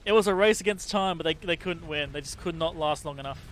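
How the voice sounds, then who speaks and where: A man casting a game tournament, excitable and laughing often, catching and correcting his own slips. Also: fairly high pitch, fast talker. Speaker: tournament caster. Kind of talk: casual game commentary.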